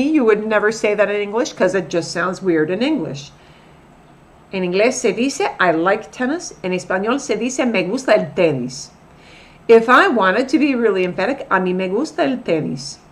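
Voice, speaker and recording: A middle-aged woman teaching a recorded language lesson, explaining slowly and repeating each example sentence deliberately. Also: mid-range voice. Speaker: Spanish teacher.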